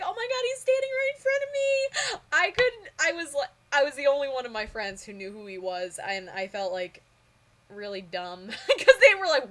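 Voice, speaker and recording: A young woman vlogger telling a story in a casual, excitable way, with lots of fillers and bursts of squealing excitement. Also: medium pitch.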